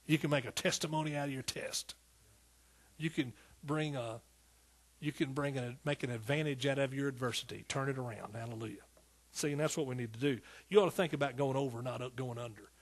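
A man's voice: mid-range voice, fairly quick, breathy edge. A man preaching a sermon in a fervent, rhythmic way, often calling out to his listeners. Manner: fervent, rhythmic preaching with repeated calls to the congregation.

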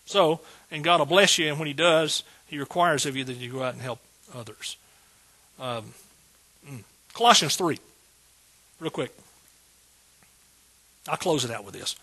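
Man, pastor preaching, bright tense voice, husky edge, folksy jokes. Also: fairly high pitch, a little slow, long pauses. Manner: folksy, joking asides, rising to emphatic bursts. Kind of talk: sermon.

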